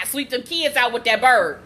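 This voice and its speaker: A woman in her forties vlogging at home, excitable and loud, laughing and cursing as she talks. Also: fairly high pitch, a little hiss or hum. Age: 40s. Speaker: vlogger and mother. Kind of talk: casual vlog. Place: at home, indoors.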